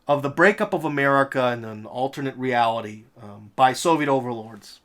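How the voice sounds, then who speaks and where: Guy doing a political commentary rant, kinda high voice, emphatic and sarcastic. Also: a bit bright. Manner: emphatic, rhetorical, sarcastic asides. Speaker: host.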